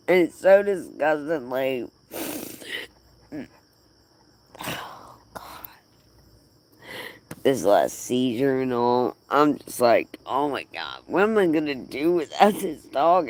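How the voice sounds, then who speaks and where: A man playing a gravelly, rambling dog lover. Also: mid-range voice, heavily acted. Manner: rambling, doting and tearful, half laughing. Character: grieving man doting on his aging dog. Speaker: dog owner. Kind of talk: emotional monologue.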